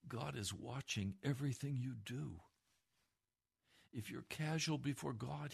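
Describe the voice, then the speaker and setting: A man preaching a sermon, moving from hushed, slow phrases to impassioned pleading. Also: mid-range voice, creaky, husky.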